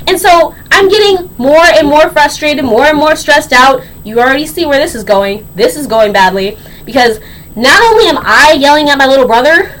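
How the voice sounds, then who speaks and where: An eighteen-year-old woman telling a story on her vlog in a sassy, slangy, animated way. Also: high-pitched, poor audio. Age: young adult. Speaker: vlogger.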